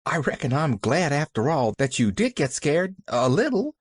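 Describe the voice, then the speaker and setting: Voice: mid-range voice, very animated, normal speed, husky, no room sound, pitched above the performer's own voice. A sunny, earnest little girl, put on by the reader, chatters eagerly with a raised, bouncing voice. Dry, close storybook recording.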